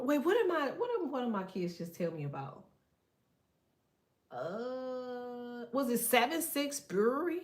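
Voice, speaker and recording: A middle-aged woman chatting casually to viewers as a card reader, telling slangy, animated stories with lots of laughter. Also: a little high, a little slow.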